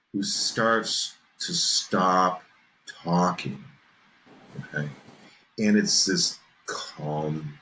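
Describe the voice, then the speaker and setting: Spinning a creepy tale in a relaxed storytelling chat, a podcast host builds tension and leans into the drama, pausing to check "okay?" His voice is deep and low with a bright, forceful edge. The audio is poor, with a faint background hiss.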